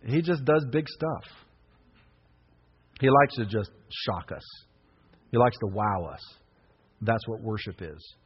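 A man around fifty preaching a sermon as pastor, impassioned, breaking into shouts. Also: fairly low pitch, expressive, slow, long pauses, husky. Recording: echoey hall, dull lo-fi sound.

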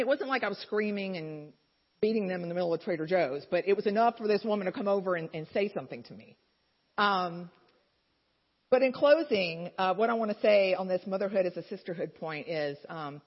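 A woman giving an encouraging faith-based talk to mothers in a large hall, telling candid stories in a conversational way with asides. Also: medium pitch. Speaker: speaker at a mothers' gathering. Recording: dull, lo-fi recording in a reverberant hall.

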